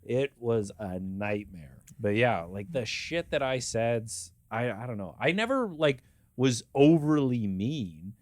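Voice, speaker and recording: A man's voice: medium pitch, a little slow, no room sound, studio quality. A man in his thirties, a guest on a comedy podcast, telling blunt, profane stories about old jobs. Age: 30s. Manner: blunt, profane, animated storytelling. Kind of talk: casual comedy podcast chat.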